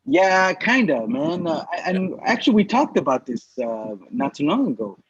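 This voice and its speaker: Man, comedian, casual storytelling, animated, profane, husky, wide-ranging pitch. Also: moderate pace, no echo. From Los Angeles, USA. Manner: animated, profane, acts out quoted people. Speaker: comedian podcast co-host. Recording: dull lo-fi dry sound.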